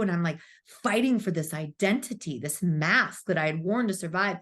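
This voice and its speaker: A woman's voice: on the low side, fairly quick, few pauses. A woman in her thirties, a spiritual coach, telling her story as a podcast guest, candid and swearing freely, acting out her past self. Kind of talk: emotional storytelling interview.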